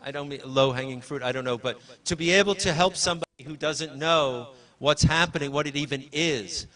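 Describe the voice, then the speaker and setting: Man, presenter, live talk, bright tone, slightly high voice, rambling, self-correcting. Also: a little fast. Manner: chatty, rambling, self-correcting, directs tech helpers. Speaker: presenter at a library launch. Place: university event hall.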